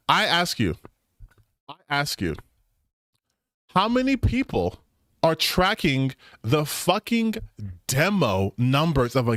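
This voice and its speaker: A man's voice: on the high side, a bit bright, no room sound, studio quality. A young man, streaming and mocking online posts in profane, casual commentary.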